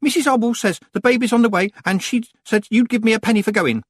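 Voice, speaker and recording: A man voicing an eager small village boy who blurts out his words in a high, loud voice. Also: fast, slightly rough, no room sound, clean studio sound.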